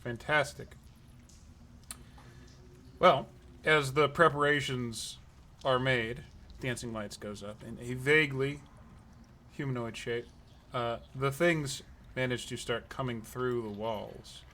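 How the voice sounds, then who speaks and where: A man's voice: medium pitch, takes it slowly, long pauses, bright, forceful tone, slight background noise. A man running a tabletop game as dungeon master, playful, with dramatic outbursts.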